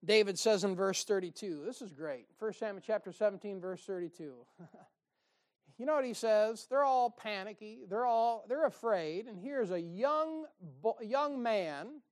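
A man's voice: high voice, expressive, unhurried. A man preaching a sermon in a folksy, exhorting way, with asides and short laughs.

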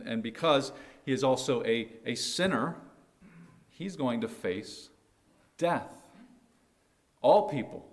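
Slow, deliberate male preacher. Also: mid-range voice. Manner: slow, deliberate preaching with dramatic pauses and swells. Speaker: pastor. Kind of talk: sermon.

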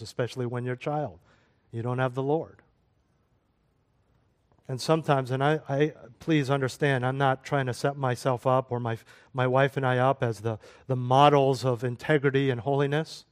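A middle-aged male pastor preaching a sermon to his congregation, swinging from loud exhortation to soft, quiet prayer. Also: medium pitch.

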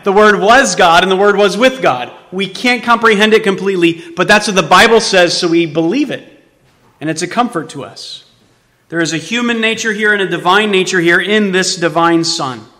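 A male pastor preaches a sermon in a church sanctuary, his bright voice sitting a bit high for a man while the hall's long reverb trails behind. He poses rhetorical questions to the congregation and swings from quiet asides to loud emphasis.

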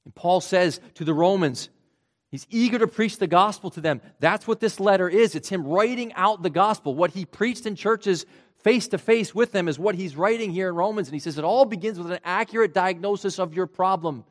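A man preaching a sermon in an earnest way, his voice rising for emphasis and then dropping low and quiet. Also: normal speed. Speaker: pastor.

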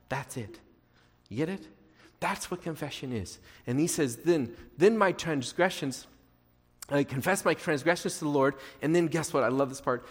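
A man preaching a sermon with a lively, swinging delivery that rises loud and drops to a hush. His fairly high voice rings out with a long reverb from a church sanctuary. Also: moderate pace. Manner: animated, acts out quoted prayers, swings between loud and hushed. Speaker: pastor.

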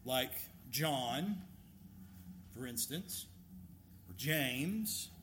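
A man preaching a sermon as a pastor, emphatic and animated, asking rhetorical questions. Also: mid-range voice, very slow, noisy background.

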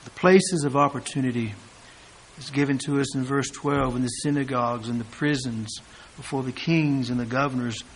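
A man preaching an expository sermon, reading scripture aloud and building to loud, emphatic peaks when he quotes it. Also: mid-range voice, fairly even intonation, moderate pace, a little hiss or hum.

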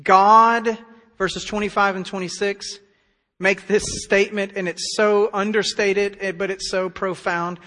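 A man preaching a sermon as pastor, emphatic, swinging between hushed stretches and loud declarations. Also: sits high, level tone, a little slow. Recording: long hall reverb.

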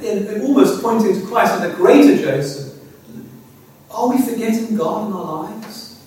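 A man with a high voice delivers a sermon with earnest, halting phrasing. He stumbles over repeated words and often asks his listeners rhetorical questions. He is heard from a distance in a hall with heavy echo. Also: darkish tone. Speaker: preacher. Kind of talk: expository sermon. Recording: very echoey hall, speaker far from mic.

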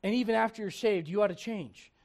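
High-voiced man preaching a lively sermon. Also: brisk, gravelly. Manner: animated, humorous, laughing asides, acts out quotes. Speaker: pastor.

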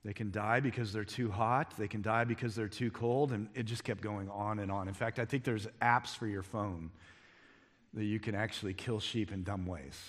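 A man's voice: fairly low pitch, steady tone, normal speed. Emphatic preaching man in a reverberant hall. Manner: emphatic preaching, rising to near-shouts. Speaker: pastor. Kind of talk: sermon. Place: church sanctuary. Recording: long reverb of a large hall.

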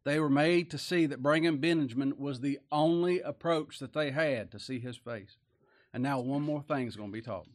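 Folksy preacher, loud and soft. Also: male voice, medium pitch, normal speed. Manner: folksy Bible preaching, reads scripture aloud, swings loud and soft. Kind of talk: sermon.

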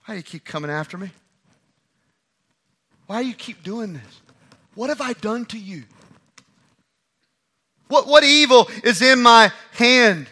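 A man's voice: high-pitched, lively intonation, normal speed, pauses often, breathy edge, pitched above the performer's own voice. A man preacher voicing a young male warrior who calls out emphatically across a distance, taunting and pleading.

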